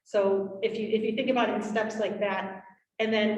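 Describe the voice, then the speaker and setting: Woman workshop presenter, animated, heard from afar in an echoey meeting room. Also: medium pitch, normal speed. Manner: animated, acts out parent and child quotes. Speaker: presenter on trauma for parents. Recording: roomy, from far off.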